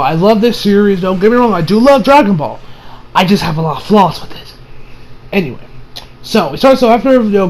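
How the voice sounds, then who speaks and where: A man's voice: sits high, a little hiss or hum. A man giving a casual anime episode review in a rambling, slangy way, full of fillers and loose asides.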